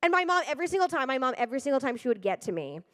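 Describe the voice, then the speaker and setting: High-voiced animated woman comic. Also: very fast, dry recording, clean studio sound. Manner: animated, swearing, acts out loud voices. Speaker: stand-up comic. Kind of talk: stand-up comedy set. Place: stage before a live audience.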